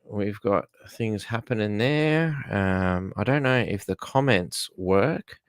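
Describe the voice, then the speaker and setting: A man's voice: on the low side, no echo, clean studio sound. Chatty Australian man hosting a livestream. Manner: chatty, greets viewers by name, drawn-out greetings. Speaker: livestream host. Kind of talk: casual live-stream chat.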